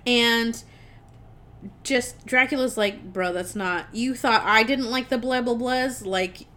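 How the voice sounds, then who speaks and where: A woman's voice: fairly high pitch, slow pace, pushed and bright. A young woman casually recapping a film on a podcast, rambling and swearing, quoting the characters as she goes. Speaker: podcast co-host.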